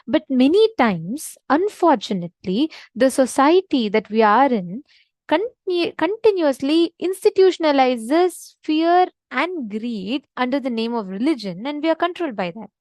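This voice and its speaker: Woman spiritual teacher, earnest and emphatic, high voice, dry close sound. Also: expressive, normal speed, a little mellow, no room sound, poor audio. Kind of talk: devotional teaching session.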